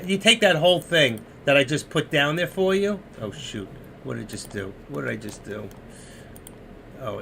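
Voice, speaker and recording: A man's voice: medium pitch, gravelly, noisy background. A man walking viewers through trading chart setups in a casual live stream, rambling and muttering to himself while he searches the screen. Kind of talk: casual screen-share tutorial.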